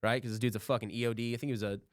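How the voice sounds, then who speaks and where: A man talks fast and loose on a podcast, piling up stories and swearing as he goes. His voice sits at an ordinary pitch, recorded close and dry with no room sound. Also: fairly even intonation, no echo. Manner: rambling storyteller, swears freely, acts out quotes. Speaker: podcast host. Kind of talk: casual chat.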